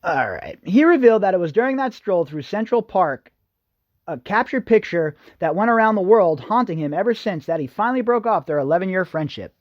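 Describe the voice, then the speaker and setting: A man's voice: high-pitched, lively intonation, fairly quick, no room sound, highs cut off. A man hosting a podcast, reading news articles and breaking off into sarcastic, mocking commentary to his listeners. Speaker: podcast host. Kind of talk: ranting commentary over read-out news.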